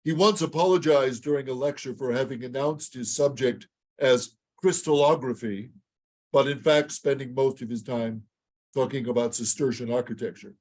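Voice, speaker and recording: A man with a raspy, congested voice from allergies, delivering a measured prepared lecture. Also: mid-range voice, darkish tone. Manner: measured, reads quotations aloud.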